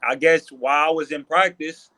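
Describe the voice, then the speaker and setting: A man's voice: fairly high pitch, normal speed, pushed and bright, poor audio. A man in his thirties, a basketball player, telling stories animatedly in a casual interview, often asking "you know what I mean".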